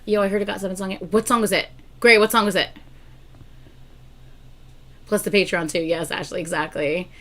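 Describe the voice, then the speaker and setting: A woman's voice: mid-range voice, moderate pace, long pauses. A young woman hosting a casual livestream, chatting to viewers and telling stories with a lot of laughter. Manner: chatty and animated, bursts into loud laughter. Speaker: livestream host.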